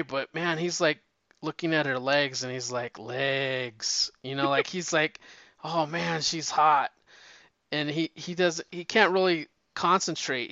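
A man's voice: a little high, bright, forceful tone, dry recording. A man chatting casually and rambling about comics, swearing freely and restarting sentences, on a dull lo-fi recording. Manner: rambling, profane, frequent restarts. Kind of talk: casual chat.

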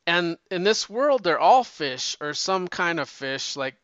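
A man chatting casually and rambling, swearing freely and often restarting his sentences. His voice is bright, clear, and slightly high. The recording is dull and lo-fi, and it sounds dry. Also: sing-song, measured pace, dry recording. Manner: rambling, profane, frequent restarts. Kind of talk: casual chat.

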